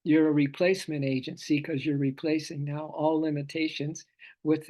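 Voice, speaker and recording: A man's voice: a little high, darkish tone. A man teaching a live scripture study class in a loose, playful way, laughing often and repeating phrases.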